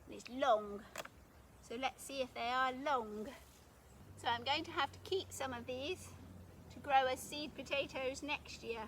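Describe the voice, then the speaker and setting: A woman's voice: sits high, sharp tone, a little hiss or hum. A woman casually narrating as she digs in her garden, chatty and thinking aloud. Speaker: gardening vlogger. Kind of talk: casual narration while digging. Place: garden outdoors.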